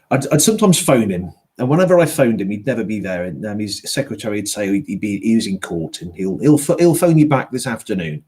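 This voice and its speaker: A middle-aged man from Yorkshire who narrates audiobooks, chatting in a book-club conversation. He rambles, restarts his sentences and fills his pauses with ums, in a plain mid-range voice. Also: lowish voice, darkish tone, breathy edge. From Yorkshire, England. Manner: rambling, many fillers and restarts.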